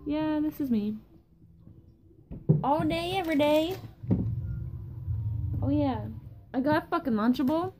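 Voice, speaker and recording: A woman's voice: sits high, lively intonation, a little slow, long pauses, darkish tone, a little hiss or hum. Tired young woman rambling, swearing. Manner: rambling and profane, loses her train of thought. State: tired from lack of sleep. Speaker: vlogger. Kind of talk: casual rambling vlog chat.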